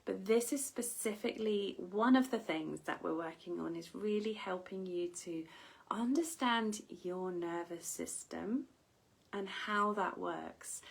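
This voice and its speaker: A woman wellness coach giving a slow, gentle motivational talk, often dropping into breathy half-whispers. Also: mid-range voice, poor audio.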